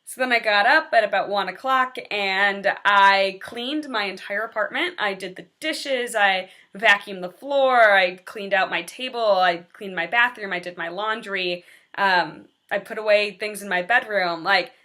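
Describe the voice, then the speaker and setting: Earnest bright-voiced young woman confiding. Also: medium pitch. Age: 20s. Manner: candid, earnest and confessional. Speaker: teacher. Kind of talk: personal vlog confession.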